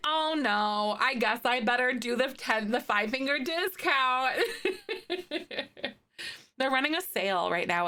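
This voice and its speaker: A woman's voice: on the high side, bright, forceful tone. A woman live streamer chatting casually with her viewers as she plays, laughing often and peppering her talk with fillers. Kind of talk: casual chat with viewers while playing.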